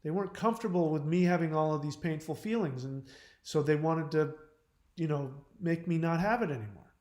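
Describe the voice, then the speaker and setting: A man speaks frankly and bluntly as he hosts a live advice stream, answering questions from chat. His delivery rambles loosely with fillers and restarts, and his voice sits a little high. The sound carries a clear roomy echo. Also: a little fast, a little mellow. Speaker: channel host on relationships and codependency.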